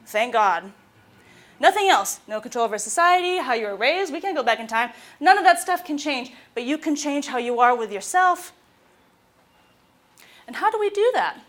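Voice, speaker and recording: A woman, a mental health specialist giving an informal talk to students, telling stories with lively acted-out quotes. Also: sits high, normal speed.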